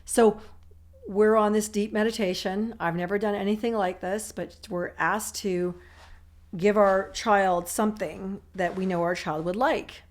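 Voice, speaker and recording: A woman's voice: mid-range voice, fairly even intonation, a little slow. A woman telling her own recovery story in conversation, speaking in emotional, run-on sentences full of "I'm like" asides. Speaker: author and recovery guest.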